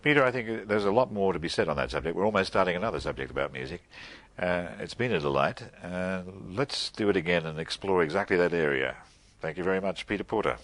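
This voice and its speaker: Deep voiced guy hosting an interview, chatty, tells little stories. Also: expressive, fast talker, fairly bright tone, no echo. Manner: anecdotal, conversational storytelling. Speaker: host interviewer. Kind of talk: interview conversation.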